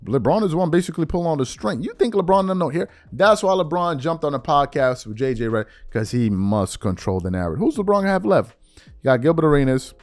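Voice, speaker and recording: Man, podcast host, mocking commentary, very lively pitch, hushed to loud swings. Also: fast. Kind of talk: animated commentary monologue.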